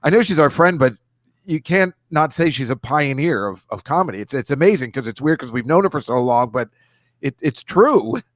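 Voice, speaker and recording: A middle-aged man, a comedian guest, chatting casually with teasing, deadpan jokes. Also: mid-range voice, brisk, dry recording. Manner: joking, teasing, deadpan jabs.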